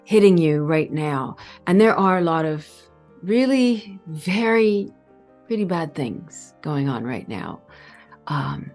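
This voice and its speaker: Earnest middle-aged woman talking slow about spirit stuff, calm, a bit low, faint music under. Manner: calm, earnest, with pauses and stretched words. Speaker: spiritual channel host. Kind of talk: reflective spiritual talk to camera.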